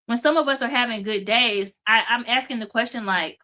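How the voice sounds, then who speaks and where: Woman hosting a faith pep talk, punchy and repetitive, bright high-ish voice. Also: brisk. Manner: emphatic, repeats phrases for emphasis. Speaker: host. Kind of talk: faith-based motivational talk.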